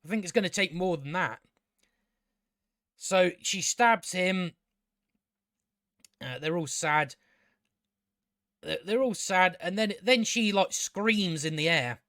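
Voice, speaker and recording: A man's voice: sits high, animated, takes it slowly, pauses often, fairly bright tone, no echo, studio quality. A man giving a rambling, exasperated and profane casual review of a TV show as host of his own channel. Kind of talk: casual spoken review commentary.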